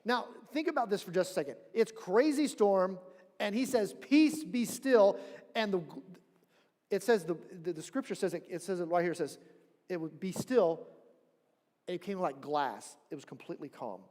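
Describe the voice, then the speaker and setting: A man preaching a sermon as pastor, telling a story in an animated way and acting out the people he quotes. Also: sits high, moderate pace. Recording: long church hall reverb.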